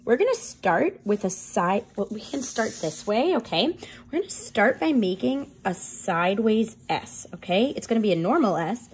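A woman's voice: medium pitch, moderate pace, a little hiss or hum. A woman art teacher reading a picture book aloud, then starting a drawing lesson. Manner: expressive, sing-song storytelling.

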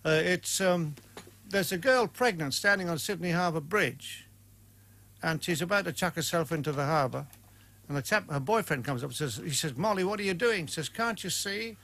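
A man's voice: a little high, expressive, normal speed, fairly bright tone. An older man, a comic presenter, chatting playfully and telling jokes in a rambling way. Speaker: touring humorist and presenter. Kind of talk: comic chat and travel narration.

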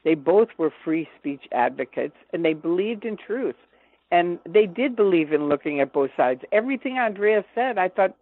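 A woman's voice: lowish voice, normal speed, no room sound. Older woman on a tinny phone line. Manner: animated, acts out quoted dialogue. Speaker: guest. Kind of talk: personal storytelling in an interview.

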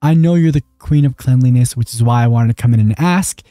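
A young man, a gaming host, talking his way through a voice-chat game in a playful, smooth-talking, jokey manner. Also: mid-range voice, a little fast, mellow, no echo. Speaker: gaming YouTuber. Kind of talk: playing a voice-chat game on camera.

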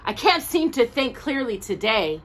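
A woman's voice: on the high side, sing-song, normal speed, voice pushed up. A woman voicing a cheerful female rag doll who leads the other dolls, reading a storybook aloud. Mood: eager.

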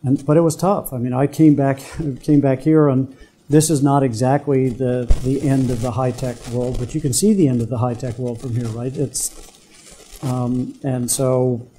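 An older man giving a guest lecture to students, telling business stories from his career and pausing to quiz the audience. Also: medium pitch, fairly even intonation, mellow, slight background noise. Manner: anecdotal, quizzes the audience. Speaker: guest speaker, business executive. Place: university lecture room.

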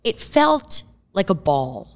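A woman's voice: medium pitch, very animated, slow pace. A woman in her fifties, a podcast guest, telling candid stories in casual chat and swearing freely.

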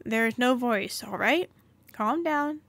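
A woman reading the lines of a frantic young man in a game, urging calm over and over. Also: on the high side, slow, no room sound, exaggerated voice. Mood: urgent. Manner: urgent, repeating himself.

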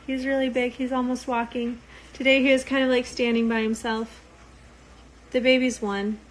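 A woman's voice: fairly high pitch, little pitch movement, normal speed, slight background noise, rough recording. A young woman chatting casually with viewers, loose and rambling with frequent ums, sounding tired. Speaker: reality show cast member talking to viewers.

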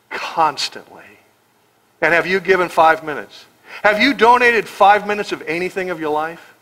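A man's voice: high-pitched, bright, forceful tone, low-quality recording. A man with an American accent preaching a verse-by-verse sermon as pastor, emphatic and sarcastic, firing rhetorical questions. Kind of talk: expository sermon.

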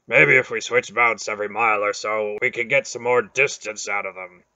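A man reads a gruff, big, red-bearded warrior in a fantasy audiobook, pitched a little high and rather loud. He makes blunt, booming demands. The recording is dry, with a slightly dull sound. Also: steady tone, moderate pace, no room sound. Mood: grim.

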